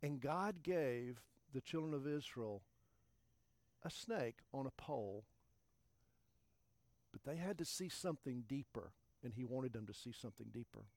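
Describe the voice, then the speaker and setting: A man preaching a sermon as pastor. He talks emphatically, repeats key phrases and swings from loud to hushed. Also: mid-range voice, lively intonation, unhurried, long pauses, no room sound.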